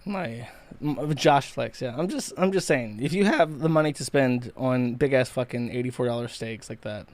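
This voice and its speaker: A man's voice: medium pitch, moderate pace, darkish tone, no echo. A man hosting a livestream, ranting in a profane, mocking, rambling way. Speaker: streamer host. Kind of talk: livestream commentary rant.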